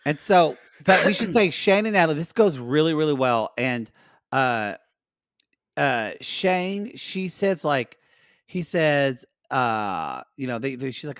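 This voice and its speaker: A man's voice: a little high, very animated, unhurried, a bit bright, no room sound, studio quality. A man co-hosting a podcast, recapping a reality show in casual chat, rambling with restarts and acting out quotes. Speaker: podcast co-host.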